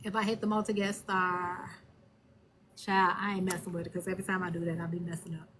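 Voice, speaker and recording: A woman hosting a live stream and talking on her phone, blunt and animated, cursing freely. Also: on the low side, brisk, background noise. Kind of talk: casual live stream chat.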